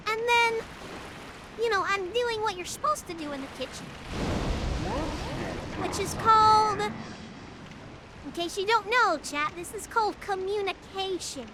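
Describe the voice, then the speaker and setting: A young woman streamer telling stories to her chat in a casual, animated, blunt and profane way that climbs toward yelling. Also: very high-pitched, measured pace, pauses often. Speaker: live streamer. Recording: clear background noise.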